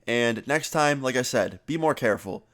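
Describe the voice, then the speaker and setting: A man voicing a friendly small-town police officer who talks in a relaxed, kindly lecturing way. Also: mid-range voice, normal speed, lightly acted. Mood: easygoing.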